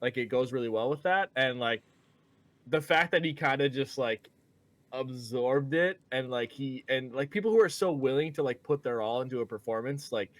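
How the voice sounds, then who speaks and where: A man's voice: medium pitch, moderate pace, no echo. Laid-back man chatting loosely. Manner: laid-back, leans on "like" as filler. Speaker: podcast co-host. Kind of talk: casual review chat.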